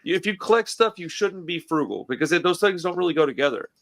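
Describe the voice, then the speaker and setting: A man who runs a record store, telling a story on a casual podcast in an animated, profane way, with lots of "I was like.". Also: fairly high pitch, quick pace, creaky.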